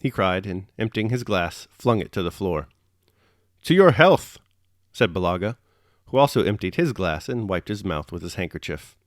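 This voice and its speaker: Male reader, steady measured narration of a classic novel, low and dry. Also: no room sound. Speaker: audiobook reader and host. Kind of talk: reading a classic novel aloud.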